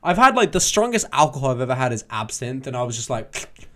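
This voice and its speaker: A man's voice: mid-range voice, very animated, fast, fairly bright tone. A young man with an English accent who hosts a casual live stream. He swears freely, teases and laughs a lot. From England. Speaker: motovlogger hosting a live stream.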